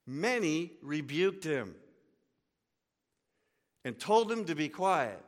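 A man's voice: fairly high pitch, sing-song, takes it slowly, big-room sound. A male pastor preaching a sermon, telling the story vividly and dropping casual asides.

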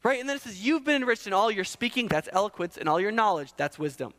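A man's voice: high-pitched, fast, fairly bright tone, long reverb tail. A man preaching a sermon, emphatic, asking and answering his own questions.

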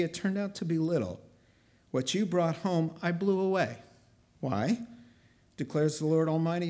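Guy preaching a sermon, kinda high voice, really animated, acts out god talking. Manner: animated preaching, voices God's words in first person. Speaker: pastor.

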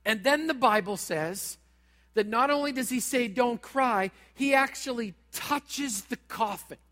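A pastor preaching a sermon in a church, talking straight at the congregation in a dramatic way. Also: male voice, extremely high pitch, measured pace, pushed and bright, big-room sound. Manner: dramatic, direct, acts out quoted voices.

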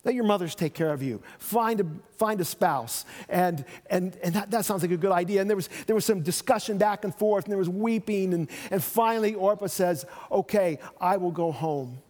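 A man's voice: high-pitched, normal speed, hardly any pauses, darkish tone. A man preaching a sermon, retelling a Bible story and acting out the voices of its people. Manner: storytelling, acts out voices of biblical figures. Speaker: pastor. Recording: long reverb of a church hall.

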